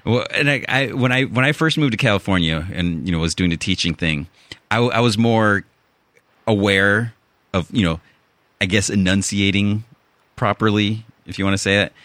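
A man with a Chicago accent talks in a lowish voice that has a bright, forceful edge. His rambling, restart-heavy podcast chat sounds close and dry. He keeps circling back to finish his thought. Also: moderate pace, no room sound. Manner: rambling, many restarts and fillers. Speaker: podcast host. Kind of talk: casual chat.

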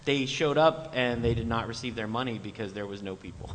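A man's voice: mid-range voice, a little fast. A man telling a dry, funny story on a convention panel. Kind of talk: casual anecdote on a convention panel. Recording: hall reverb, faint noise.

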